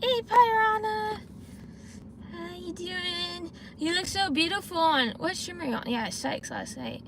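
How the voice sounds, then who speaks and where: A woman's voice: very high voice, a little slow, background noise. A young woman streaming from her parked car, chatting to viewers and ranting with plenty of swearing. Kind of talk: casual live-stream chat.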